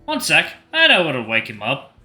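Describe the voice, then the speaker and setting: A man's voice: on the high side, wildly swooping pitch, moderate pace, pushed and bright, faint music behind, heavily acted. A man voicing blunt no-nonsense Anders. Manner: direct, matter-of-fact.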